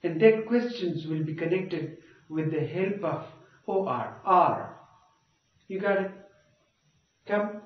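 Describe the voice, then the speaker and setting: A male teacher giving a grammar lecture, repeating points and checking with "okay?" and "you got it?". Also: sits high. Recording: dull, echoey, far from mic.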